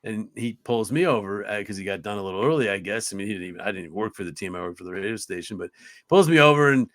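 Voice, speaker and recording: A man in his fifties from upstate New York, a hockey play-by-play broadcaster, telling career stories as a podcast guest. He talks in a lively, earnest way, restarts often, and jumps his voice up to act out what others said. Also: on the low side, very fast, no room sound, clean studio sound. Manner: lively storyteller who acts out other people's lines with his voice jumping up; frequent restarts and "uh"s, chatty and earnest. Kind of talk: conversational storytelling in a podcast interview.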